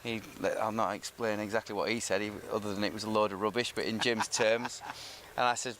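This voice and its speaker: A middle-aged man, a former professional footballer, telling lively anecdotes in a relaxed interview and acting out what others said. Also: on the low side, a little fast, slight background noise. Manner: lively storyteller who acts out quoted speech.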